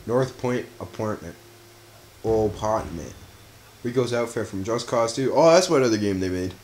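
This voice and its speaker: A man's voice: lowish voice, lively intonation, normal speed, darkish tone, a little hiss or hum. A young man casually commenting while playing a video game, joking and swearing with a friend. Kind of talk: casual let's-play banter.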